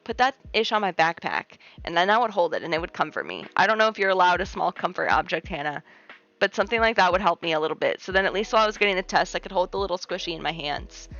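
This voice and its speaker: A young woman hosts a livestream, reading viewer comments and chatting with them in a casual, reassuring way, full of fillers. Her voice sits on the low side, with a fairly bright tone and a fast, animated delivery. The stream audio is muffled and lo-fi, with faint music playing in the background.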